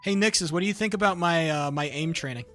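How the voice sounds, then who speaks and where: Streamer, casual gaming chat, bright edge to the voice, animated profane rant, faint music behind. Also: medium pitch, fast talker. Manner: animated, profane, mock-pretentious ranting; often breaks into laughter. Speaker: live streamer.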